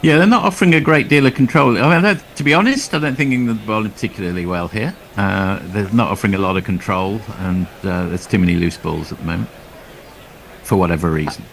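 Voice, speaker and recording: A man from Australia, commentating on cricket in a dry, wry, measured way. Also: lowish voice, gravelly, fairly bright tone, a little hiss or hum. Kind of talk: laid-back cricket commentary.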